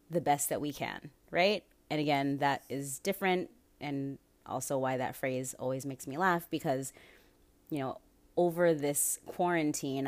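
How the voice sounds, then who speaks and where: A woman's voice: low-pitched, a little mellow. A young woman hosting her own podcast, talking alone in a candid, profane way and laughing often. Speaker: podcast host. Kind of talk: casual solo podcast monologue.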